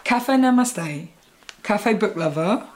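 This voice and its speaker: In this TV comedy, an actress serves as lead and voice-over narrator, playing a young Englishwoman with an Estuary accent: awkward, chatty, rambling and self-deprecating. Her mid-range voice is animated yet slow, with a little hiss or hum in the background.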